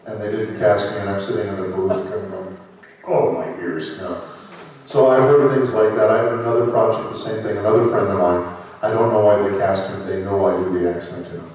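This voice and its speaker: A man in his sixties recounts his voice acting stories on a convention stage, animated and quick to joke about himself. His voice sits a little low and reaches the listener from a distance. The big hall rings with a long, echoing reverb. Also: slight background noise. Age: 60s. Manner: lively anecdotal storytelling with self-mocking jokes. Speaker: voice actor guest on a convention panel. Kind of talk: convention panel Q&A storytelling. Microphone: handheld microphone. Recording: echoey hall, voice from far off.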